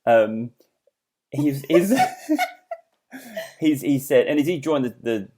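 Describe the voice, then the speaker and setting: A man's voice: mid-range voice, huge pitch swings, takes it slowly, dark tone. A man co-hosting a podcast in casual chat, telling rambling stories with restarts and laughing at his own jokes. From England. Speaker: podcast co-host.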